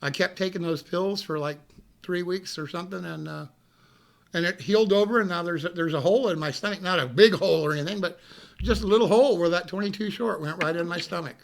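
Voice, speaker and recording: A man telling a story casually on a live stream, animated, swearing freely and laughing as he goes. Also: sits high, fast, gravelly.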